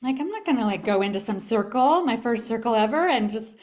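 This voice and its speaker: Female summit speaker, motivational talk, animated storytelling, asks the audience questions. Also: fairly high pitch, fairly quick. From California. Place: event room with a live audience.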